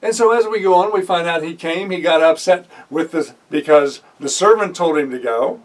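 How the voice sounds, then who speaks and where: A man preaching with a high, lifted voice, retelling a scripture story and slipping into the voices of its characters. He hammers points home through repetition. The recording catches him from a distance, away from the mic. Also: moderate pace. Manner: animated storytelling, acting out the voices of biblical figures; drives points home by repeating phrases. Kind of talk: sermon.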